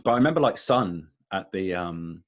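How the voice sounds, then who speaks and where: A man's voice: sits low, expressive, moderate pace. Rambling male music journalist on a call. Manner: rambling, many fillers and restarts. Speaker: podcast co-host, music journalist. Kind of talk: casual chat about music.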